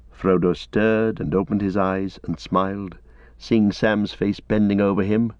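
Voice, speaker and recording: Low-voiced man reading a story aloud. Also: steady tone, a little mellow, clean tone, dry recording. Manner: measured, storytelling. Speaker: audiobook narrator. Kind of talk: scripted narration. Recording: dull lo-fi recording.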